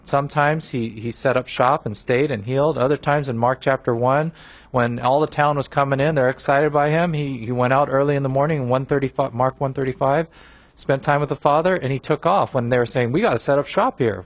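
An earnest male pastor preaching a sermon, pressing his points with emphasis and often restarting his phrases. His voice sits at an ordinary middle pitch. He closes by leading a heartfelt prayer.

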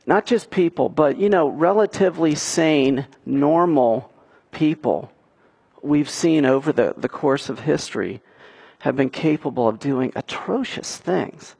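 A man's voice: a little high, a little slow, vocal fry, a little mellow, husky. A man preaching a sermon as a pastor, earnest and pushing his points with emphatic questions.

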